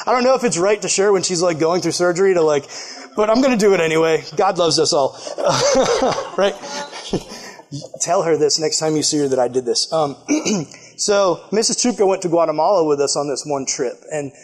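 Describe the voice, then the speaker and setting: A young man with a high, light voice gives a laid-back youth sermon. He tells the story in a loose, joking way and laughs at himself often. He talks like a casual storyteller at a church gathering. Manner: animated, jokey, self-deprecating with frequent laughs. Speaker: youth pastor.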